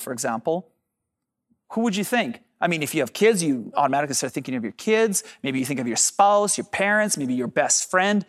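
A man's voice: on the high side, sing-song, a little fast. A man preaching a sermon as pastor, addressing the congregation directly and drawing out key phrases for emphasis.

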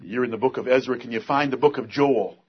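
A man's voice: medium pitch, fast talker, slightly rough, dull audio. A man preaching a sermon, earnest, reading scripture aloud and pressing the point with force.

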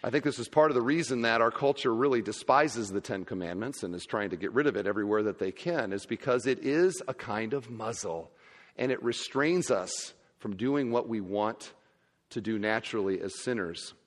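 A man preaching a sermon as pastor, emphatic and swinging between loud and quiet. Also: on the low side, normal speed, big-room sound.

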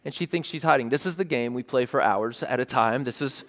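A man preaching a sermon, animated, telling stories and acting out scenes with sudden outbursts. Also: medium pitch, a little fast. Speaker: pastor. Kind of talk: sermon with storytelling. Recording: long reverb of a large hall.

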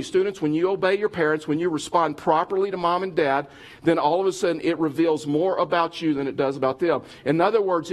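A middle-aged man preaching a sermon as a pastor at a church service. He speaks earnestly and directly to his listeners, often restarting his phrases. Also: fairly high pitch.

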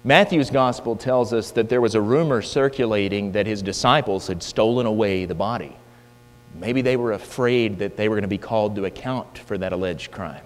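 A man's voice: fairly low pitch, normal speed. A man preaching a sermon, emphatic and full of rhetorical questions, in a church hall. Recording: long hall reverb with mains hum.

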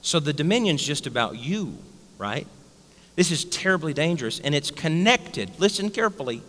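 A man's voice: fairly high pitch, sing-song, moderate pace, fairly bright tone, long reverb tail. A male pastor preaching a blunt, emphatic sermon straight at his congregation in a church. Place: church sanctuary.

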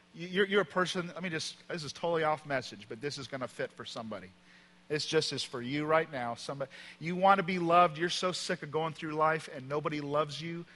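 Male pastor, sermon, fairly high and bright voice, emphatic storytelling, long church reverb. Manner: emphatic storytelling, swings from loud to quiet. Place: church auditorium.

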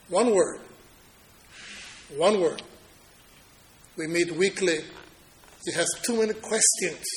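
A man preaching in a fairly high voice, spinning stories from his own life. He rises to loud declarations and then drops into soft, confiding telling. A faint noise sits under the recording. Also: rough recording. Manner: storytelling preacher, swings from loud declaring to low quiet telling. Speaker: pastor. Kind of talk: sermon.

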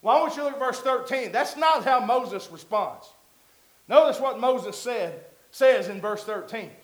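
High-voiced preacher in an echoey hall. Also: male voice, animated, normal speed. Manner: conversational preaching that builds to loud emphatic peaks. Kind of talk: sermon.

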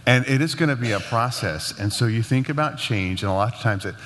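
A man teaching about marriage in a relaxed, conversational way, laughing now and then. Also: mid-range voice, brisk, slight background noise. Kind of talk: casual teaching talk. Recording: long hall reverb.

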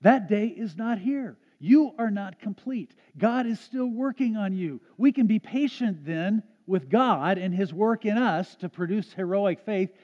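A man's voice: high-pitched, animated, unhurried, few pauses. A man preaching a sermon as a pastor in a church, earnest, often restarting his phrases. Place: church sanctuary. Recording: dull, echoey sanctuary sound.

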